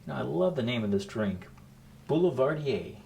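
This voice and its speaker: A middle-aged man hosting a home coffee cocktail demo, explaining each step in a relaxed, chatty way. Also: mid-range voice, brisk, creaky, slight background noise. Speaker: host making a coffee cocktail. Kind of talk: casual cooking demo chat.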